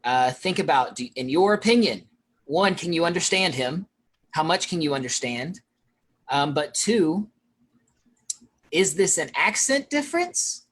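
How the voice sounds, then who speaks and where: Presenter, mid-pitched and hurried, informal with filler-heavy delivery. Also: very animated, husky. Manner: rushed, with frequent fillers. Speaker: featured speaker. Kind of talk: presentation on accents.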